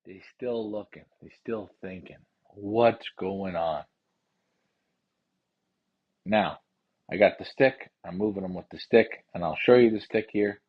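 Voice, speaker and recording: A man hosting a pigeon racing show, ranting heatedly with lots of profanity and repetition, then calmly explaining how he handles his birds. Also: on the low side, normal speed, slightly rough, muffled recording. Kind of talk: casual livestream talk.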